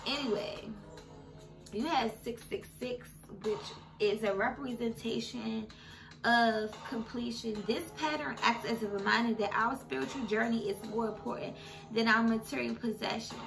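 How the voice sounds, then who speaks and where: A woman's voice: fairly high pitch, moderate pace, vocal fry. A woman doing a casual tarot reading who talks straight to her viewers and gets emotional. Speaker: tarot reader. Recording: music playing behind her.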